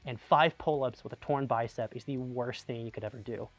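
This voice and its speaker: A man's voice: medium pitch, brisk, faint music behind. A young man from Tucson, an army veteran, casually telling anecdotes in a chatty way full of "like" and restarts. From Tucson, Arizona, USA. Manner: animated, chatty, lots of "like" and restarts.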